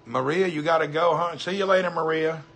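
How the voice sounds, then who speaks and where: A man with a Southern US drawl hosts a casual livestream, talking in a friendly, folksy way. His voice sounds husky, with a bright, forward edge and a slightly high pitch. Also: steady tone, a little fast. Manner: folksy, chatty, greets viewers by name. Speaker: livestream host. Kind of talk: casual livestream chat reading comments.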